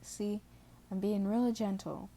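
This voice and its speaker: A woman reading the lines of a hot-tempered young male mutant turtle, shouting at first and then hushed and gentle, in her own mellow voice. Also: mid-range voice, steady tone, slow pace. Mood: soothing.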